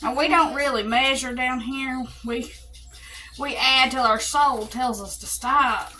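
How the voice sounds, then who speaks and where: A woman's voice: high-pitched, a little slow, background noise. A woman with an Alabama accent, chatting casually through a cook-along in her home kitchen and explaining each step to her viewers. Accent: Southern US, Alabama. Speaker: home cooking vlogger.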